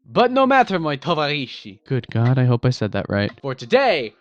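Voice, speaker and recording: A man hosting a gaming video, commenting on strategy gameplay in an excitable, jokey, self-mocking way. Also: medium pitch, moderate pace, dull audio. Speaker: gaming channel host.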